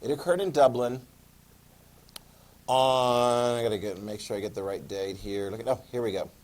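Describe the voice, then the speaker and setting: In a classroom history lecture, a man with a medium-pitched, somewhat mellow voice speaks at normal speed. He keeps the tone chatty and regularly quizzes his students.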